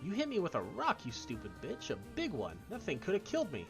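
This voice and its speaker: A furious young village bully who yells and hurls insults, voiced by a man in a strained, much higher and louder voice than his own. It is all loud hostility. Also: wildly swooping pitch, brisk, gravelly, music in the background, heavily acted. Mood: outraged. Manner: shouting, insulting.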